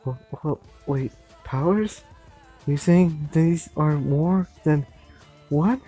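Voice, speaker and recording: Guy doing a screechy angry masked killer in a homemade story, yelling high. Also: very slow, slightly rough, soft background music, heavily acted. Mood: startled. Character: masked male killer villain, shrill and furious.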